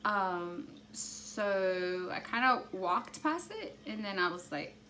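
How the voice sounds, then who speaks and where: Excitable woman telling a personal story. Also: mid-range voice, slow, slight background noise. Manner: animated, excitable, heavy use of "like". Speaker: vlogger.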